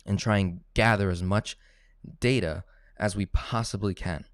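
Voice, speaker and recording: Low-voiced man coaching on finance. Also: clean tone, no room sound, clean studio sound. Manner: coaching, tag questions like "right?" and "okay?", acts out phone calls. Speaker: finance educator. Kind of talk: casual teaching talk.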